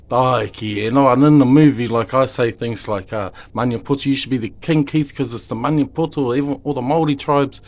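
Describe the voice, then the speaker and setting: New Zealand dad, mid-pitched, emotional and rambling plea to camera, heavy swearing. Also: male voice, darkish tone. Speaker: father; video maker. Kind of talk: impassioned direct-to-camera monologue.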